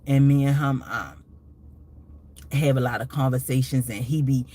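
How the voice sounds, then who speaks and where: A woman's voice: very deep voice, moderate pace, dark tone. A woman hosting a casual live stream, talking in a rambling, emotional way with many restarts and asides.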